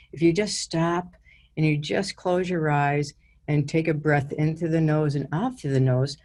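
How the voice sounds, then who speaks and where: A woman's voice: sits low, darkish tone. A woman coach giving a motivational talk, conversational and full of asides. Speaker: wellness coach and speaker.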